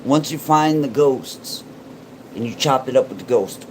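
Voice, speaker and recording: A man chats casually for his vlog, joking and rambling about ghosts and giants. He talks slowly, and his pitch swings up and down. Air conditioning hum and passing traffic sit behind him. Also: lively intonation. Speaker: paranormal YouTuber.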